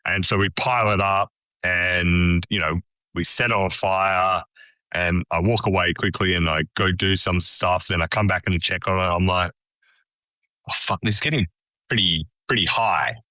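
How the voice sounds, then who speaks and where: A man's voice: low-pitched, normal speed, clear, resonant tone, dry recording. A man with an Australian accent, a chef telling a story as a podcast guest, swearing freely and acting out the dialogue. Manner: swears freely, animated anecdote with quoted dialogue. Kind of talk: casual storytelling chat.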